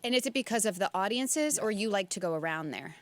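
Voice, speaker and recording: A woman co-hosting a casual morning talk show, chiming in with teasing jokes and quick questions. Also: mid-range voice, animated. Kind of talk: casual studio chat.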